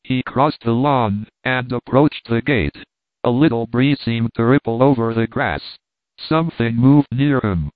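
A man narrating a classic novel aloud in a steady, measured way. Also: medium pitch, no room sound. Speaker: audiobook narrator. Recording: tinny phone-like line, dry.

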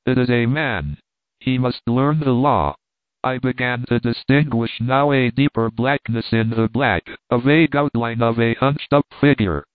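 A man narrates a story in a steady, measured voice of middling pitch. The sound is thin and phone-like, and it is dry and close, with no room around it. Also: no room sound. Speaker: audiobook narrator. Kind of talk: scripted narration. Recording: tinny phone-like dry recording.

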